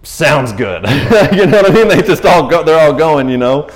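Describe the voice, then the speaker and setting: A man preaching casually, retelling scripture in an animated way with laughing asides. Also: fairly high pitch, normal speed. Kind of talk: casual sermon.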